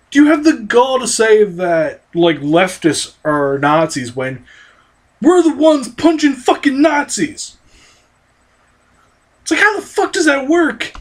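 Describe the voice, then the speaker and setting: Vlogger ranting hard, cussing nonstop, voice all over the place and straining like its about to go. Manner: heated, profane, swinging from low mutters to high outbursts. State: straining voice, close to losing it. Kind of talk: angry political rant to camera.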